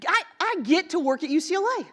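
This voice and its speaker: A woman speaks to a conference audience in a high, light voice. She is middle-aged, earnest and chatty, with plenty of "you know" and "um" as she works through her points. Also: lively intonation, quick pace, a bit bright. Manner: earnest, conversational, many fillers and asides. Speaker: basketball coach giving a talk. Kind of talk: motivational conference speech. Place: conference hall.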